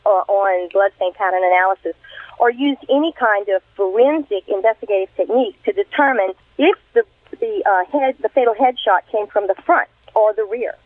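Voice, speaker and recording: A woman's voice: medium pitch, moderate pace, no room sound. A middle-aged woman, a retired crime scene investigator, telling her story earnestly and with animation in a radio interview. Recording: tinny phone line, dry.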